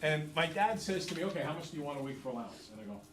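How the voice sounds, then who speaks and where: Animated male teacher in an echoey classroom. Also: a little high, rapid-fire, recorded from a distance. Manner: chatty, animated storyteller, jokes with students. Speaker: math teacher. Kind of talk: classroom lecture with stories.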